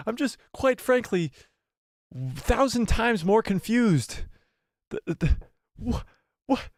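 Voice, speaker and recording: A man's voice: very high-pitched, animated, slow pace, long pauses, dry recording, clean studio sound. A man hosting a live watch party, reacting in stunned disbelief, stammering and repeating himself between yelps and mutters. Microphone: headphones and desk mic.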